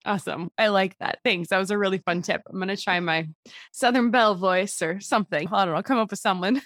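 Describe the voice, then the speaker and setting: A woman's voice: medium pitch, brisk, fairly bright tone, no echo, clean studio sound. A woman hosting a podcast in a chatty way, laughing often and filling with "like". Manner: chatty, laughing, uses many fillers. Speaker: podcast host. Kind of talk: casual podcast chat.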